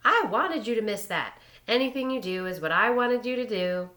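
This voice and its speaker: A woman voicing a young boy who gleefully taunts his friends in a loud, sing-song, mocking way. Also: on the low side, big pitch swings, unhurried, exaggerated voice. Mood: gleeful taunting.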